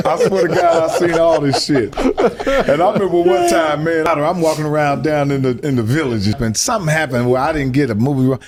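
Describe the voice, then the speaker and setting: A man's voice: on the high side, moderate pace. Laughing man recalling old times. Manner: laughs often while telling, streetwise slang. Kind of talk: casual anecdote telling.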